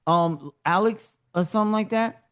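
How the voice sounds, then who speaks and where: A man hosts a podcast in a fairly high voice for a man. He is enthusiastic and loose, and he talks informally with plenty of filler words as he sets up his questions. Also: normal speed, fairly bright tone, smooth. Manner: enthusiastic, loose and informal, lots of "you know". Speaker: podcast host. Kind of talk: casual interview talk.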